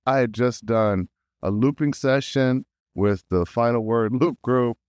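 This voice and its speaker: A man guesting on an interview, telling stories in a lively way, often laughing and acting out quotes. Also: mid-range voice, measured pace, clear, resonant tone, dry recording, studio quality. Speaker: voice actor guest. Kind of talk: casual interview storytelling.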